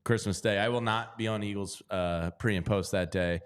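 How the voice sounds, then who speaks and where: A man's voice: lowish voice, fairly even intonation, normal speed, clean tone. A man co-hosting a sports talk show, chatting loosely, joking and stumbling over his words. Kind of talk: casual chat.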